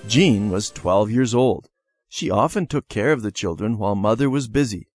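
Man reading a children's lesson, lively pitch. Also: dry recording, clean studio sound. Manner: measured storybook reading. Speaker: reader. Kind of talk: scripted narration of a children's lesson.

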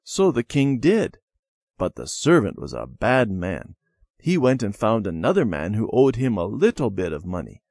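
A man's voice: fairly low pitch, big pitch swings, normal speed, a little mellow, dry recording, clean studio sound. A man voicing a stubborn young boy in a storybook reading, sounding boyish and earnest.

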